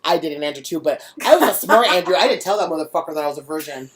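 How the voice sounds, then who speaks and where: Co-host woman, lower voice, swinging pitch, blunt profane jokes. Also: animated, very fast. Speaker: podcast co-host. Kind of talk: explicit casual chat.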